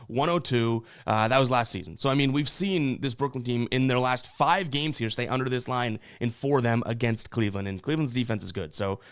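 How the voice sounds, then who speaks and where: A man's voice: medium pitch, brisk, hardly any pauses, clear, resonant tone. A young man hosting a sports betting show, casually talking through picks with loose fillers and restarts.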